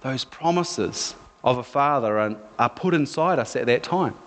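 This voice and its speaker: A man's voice: medium pitch, lively intonation, a little slow. A male pastor preaching a sermon in a conversational, storytelling way. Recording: echoey hall.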